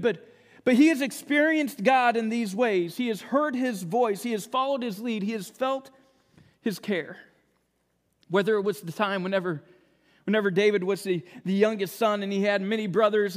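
Male pastor, high voice, earnest sermon delivery, stumbles and repeats words, reverberant church hall. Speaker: lead minister. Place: church sanctuary.

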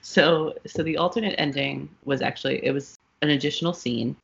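Brief: co-host, quick laughs, gravelly rasp, dull lo-fi audio. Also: medium pitch, steady tone, a bit bright, slight background noise. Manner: laughs often, short reactions. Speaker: podcast co-host. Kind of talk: casual chat.

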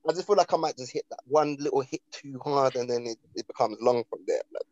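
A man's voice: medium pitch, fast talker, dry recording, lo-fi sound. Laid-back young man. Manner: relaxed, rambling with slang and restarts. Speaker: podcast co-host. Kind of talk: casual chat.

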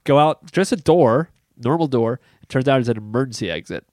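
A young man tells a story in a lively, casual way and often laughs as he goes. His voice sits in the middle range and sounds dry and close to the mic, with no room around it. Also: mid-range voice, a little fast, no echo. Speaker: podcast co-host, pastor.

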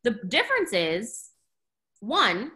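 A woman talking in a casual podcast chat, blunt and animated, saying "like" a lot and swearing freely. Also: on the high side, takes it slowly.

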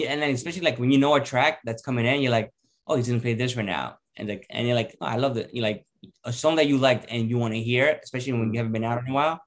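A man co-hosting a casual podcast, joking and animated, swearing a lot. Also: medium pitch. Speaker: podcast co-host. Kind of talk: casual chat.

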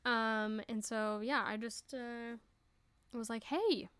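A young woman hosting a casual solo podcast, chatty and giggly, swearing freely and breaking into quick voices. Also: fairly high pitch, little pitch movement, a bit bright, clean tone, no echo. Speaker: podcast host.

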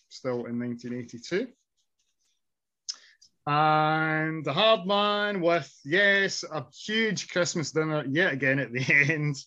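A middle-aged man hosts a casual podcast, reminiscing and chuckling as he goes. His voice sits fairly high. The recording is a little dull and lo-fi. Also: sharp tone. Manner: chatty, reminiscing, laughs often. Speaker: podcast host. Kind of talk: casual nostalgic chat.

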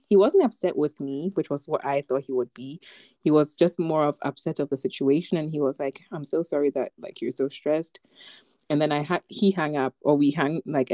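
A woman's voice: deep voice, mellow, no room sound. A young woman co-hosting a podcast, chatting casually and telling a personal story with lots of fillers and light laughter. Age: young adult. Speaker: podcast co-host. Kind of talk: casual chat.

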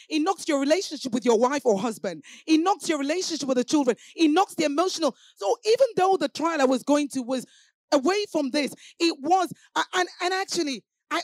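A woman preacher with a high voice, her delivery impassioned and full of repetition. She moves between quiet, heavy passages and loud, ringing exclamations. The sound is dry and close. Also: dry recording. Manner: impassioned, repetitive, swinging from hushed to shouted. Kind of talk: sermon.

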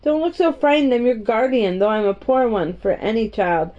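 A woman voicing a weary, melancholy gentleman guardian who speaks in a distracted, absent-minded way. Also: fairly high pitch, expressive, moderate pace, natural voice. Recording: dull, muffled audio.

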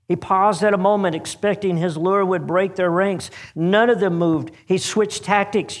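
Man reading a story, fairly high voice. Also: fairly even intonation, normal speed, few pauses. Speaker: narrator.

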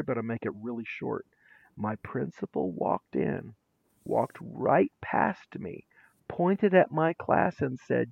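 A man speaking as an interview guest, telling stories with lively acted-out quotes. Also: mid-range voice, creaky, no echo, lo-fi sound. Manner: lively, acts out quotes with shifting voices. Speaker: interview guest, former teacher and administrator. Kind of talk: animated storytelling.

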